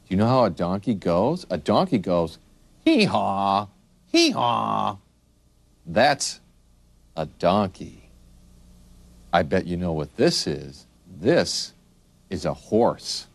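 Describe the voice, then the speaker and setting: A man slowly naming animals for young children in a patient, sing-song teaching voice and asking the listener questions. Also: sits low, expressive, no room sound. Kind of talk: children's picture-book narration.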